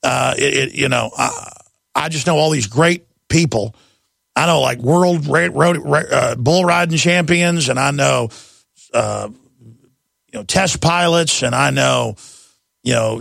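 A middle-aged man hosting a talk radio show, with a raspy, blown-out voice, talking in a wound-up, jabbering way. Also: medium pitch, measured pace, fairly bright tone, no room sound, clean studio sound. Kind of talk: fast rambling talk radio monologue.

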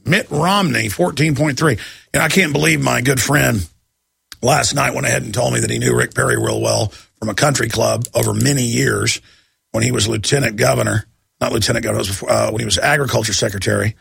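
Male talk radio host: fiery and rambling, gravelly and husky, dry close sound. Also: medium pitch, brisk, a bit bright, dry recording. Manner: rambling, emphatic ranting.

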